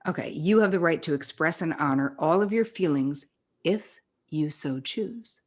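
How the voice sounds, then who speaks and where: A woman's voice: deep voice, normal speed. A middle-aged woman psychotherapist, a podcast guest, talking bluntly and with swearing, acting out the people she quotes. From New York area. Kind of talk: casual podcast conversation.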